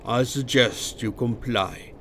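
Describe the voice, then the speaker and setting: A man's voice: medium pitch, slow pace, fairly bright tone, slight background noise. A man voicing a scarred, menacing male army lieutenant who talks in a cold, icy drawl. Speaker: military officer.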